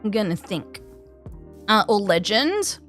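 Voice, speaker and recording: A woman's voice: mid-range voice, very animated, takes it slowly, fairly bright tone, faint music behind. An Australian woman streamer chatting casually with her live viewers, rambling with plenty of fillers and restarts. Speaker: game streamer.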